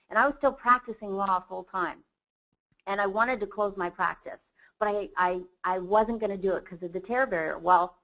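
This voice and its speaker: An earnest woman gives a motivational seminar talk as a company chief executive. She tells a personal story at a middling pitch, speaking plainly and directly to the audience. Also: a bit bright, low-quality recording. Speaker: company CEO presenting a training program.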